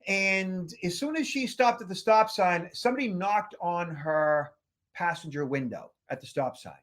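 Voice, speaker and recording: A man from the Boston area with a fairly high voice tells stories in a loose, rambling way. He keeps stopping to restart with "uh" and "you know" as he chats with his co-host. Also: fairly bright tone. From Boston area, United States. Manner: rambling anecdotal storyteller with many fillers and restarts. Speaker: podcast co-host, security expert. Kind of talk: casual chat.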